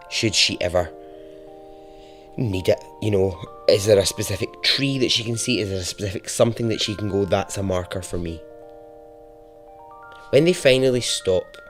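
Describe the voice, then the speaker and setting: A young Scottish man hosting a podcast, telling a true story in a chatty, expressive way that turns hushed and dramatic. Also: lowish voice. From Scotland. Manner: lively, chatty and profane, dropping to a hushed, dramatic tone for dark moments. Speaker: podcast host. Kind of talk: conversational true-story narration.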